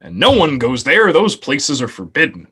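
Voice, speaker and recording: A man's voice: medium pitch, huge pitch swings, moderate pace, sharp tone, husky. A man co-hosting, trading sarcastic quips in casual banter.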